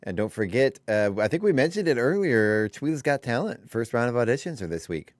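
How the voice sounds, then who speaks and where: A man's voice: medium pitch, big pitch swings, fairly quick, no echo. A man co-hosting a morning radio show, chatty and rambling, at a studio microphone. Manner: chatty, rambling, self-correcting. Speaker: radio co-host.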